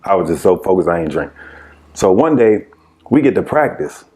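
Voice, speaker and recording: A man's voice: sits low, very animated, moderate pace, dark tone. A man guest on a podcast, telling old basketball stories in a casual way and laughing through them. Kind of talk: casual storytelling.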